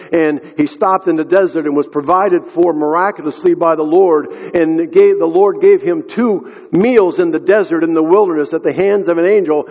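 Male pastor, husky and fairly high voice, earnest storytelling sermon, dull lo-fi hall recording. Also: darkish tone. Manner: earnest storytelling, addresses the congregation directly. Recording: echoey hall, dull lo-fi sound.

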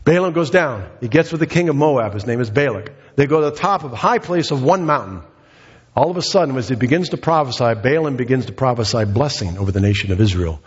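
A man's voice: mid-range voice, expressive, quick pace, breathy edge. A man preaching a sermon, retelling a scripture story in a conversational, storytelling way. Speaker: pastor. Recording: dull sound with long hall reverb.

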